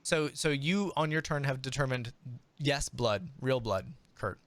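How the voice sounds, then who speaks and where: A man's voice: medium pitch, a bit bright, no room sound. Laid-back guy dm-ing, lots of ums, close dry mic. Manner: easygoing, halting, many fillers. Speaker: game master. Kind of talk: narrating a tabletop game.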